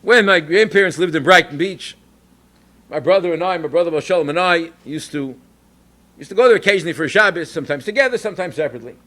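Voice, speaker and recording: Brief: rabbi telling a family anecdote, lively and quick, Yiddish phrases throughout. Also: male voice, fairly high pitch. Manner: animated, anecdotal, Yiddish and Hebrew terms. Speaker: rabbi and educator. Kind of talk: storytelling Torah talk.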